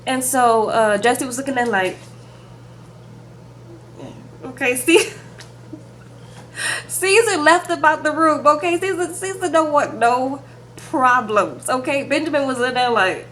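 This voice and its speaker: A young woman recaps reality TV in a gossipy, sassy, animated way, sprinkling "like" and "okay" all through her talk. Her voice is high-pitched and unhurried, with slight background noise.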